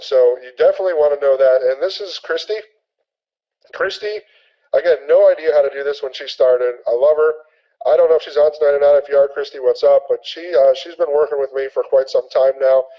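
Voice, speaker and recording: A man teaching a sales training webinar, energetic and repetitive, acting out sample conversations. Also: medium pitch, dull audio.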